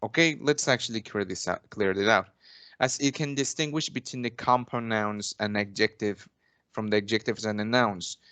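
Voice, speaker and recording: A man's voice: lowish voice, normal speed, fairly bright tone, clean tone, no echo. Young man teaching in a dry room. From Mexico. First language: Spanish. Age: young adult. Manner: formal, polite, stacks "actually" and restarts. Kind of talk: English lesson role-play.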